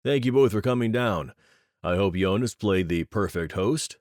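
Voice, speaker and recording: A man with a lowish, slightly mellow voice close to an everyday one speaks at normal speed, voicing a congenial male billionaire with a hearty, barking manner. The recording is studio quality, with no room sound.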